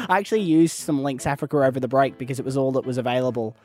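A man's voice: mid-range voice, racing, a little mellow, faint music behind. A man co-hosting a radio show, casual and self-deprecating, laughing often. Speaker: radio co-host. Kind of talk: casual banter. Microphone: studio mic.

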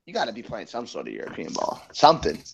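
A man's voice: on the low side, huge pitch swings, fast talker, creaky, a bit bright, slightly rough. A man co-hosting a football podcast, ranting in casual, profane chat. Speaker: podcast co-host.

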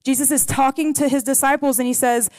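A woman preaches to a congregation, telling stories and reading scripture in an earnest, heartfelt way. Her voice sits high and bright in pitch. The sound is dry and close, with little room echo. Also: steady tone, a little fast. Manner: earnest, storytelling, prays softly. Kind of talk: sermon to a congregation. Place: in a room with a gathered audience.

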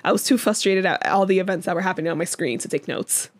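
A young woman co-hosting a podcast in casual chat, talking loosely with many fillers and quick laughs. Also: fairly low pitch, a little hiss or hum. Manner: chatty, lots of fillers and laughs. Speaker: podcast co-host.

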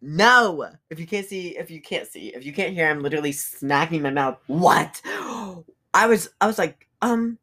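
A woman's voice: low voice, animated, unhurried, sharp tone. A young woman hosting her own podcast, chatting casually and rambling with lots of fillers and asides. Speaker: podcast host. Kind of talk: casual solo podcast chat.

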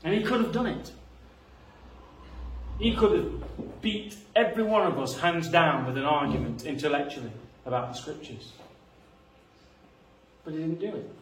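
A man preaching a sermon, earnest, moving between quiet reflective passages and rising emphasis. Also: on the high side, moderate pace, pauses often, a little hiss or hum. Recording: echoey room, voice a bit far from the mic.

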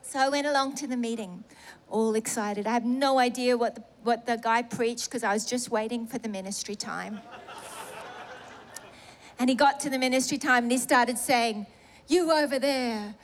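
A middle-aged woman telling a personal testimony in a sermon, animated and self-mocking, laughing through emotional moments. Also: fairly high pitch, moderate pace. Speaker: preacher sharing a testimony.

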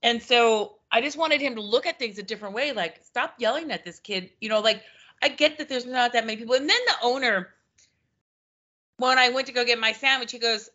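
A woman co-hosts a podcast in a casual chat, her voice a little high and fairly quick. She's a former customer service manager who tells animated stories and acts out the exchanges people had. The audio is dull and lo-fi.

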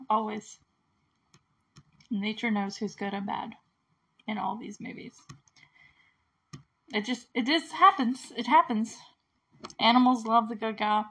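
A woman's voice: a little high, fairly bright tone. A woman casually recapping a movie, chatty and giggly, full of filler words and acting out the characters' lines.

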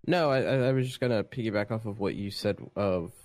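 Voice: mid-range voice, fast talker, darkish tone. A participant in a casual group discussion over an online call, speaking hesitantly and repeating words.

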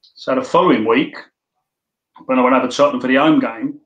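A man's voice: medium pitch, quick pace, a bit bright, lo-fi sound. Older London-accented man as interview guest, chatty storyteller, echoey room. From London, England. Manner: rambling, anecdotal, many restarts. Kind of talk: casual storytelling.

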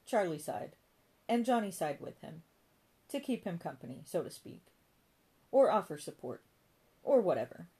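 Female audiobook narrator, low voice, dry comic read. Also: sing-song, normal speed, pauses often, warm tone, husky. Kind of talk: scripted narration.

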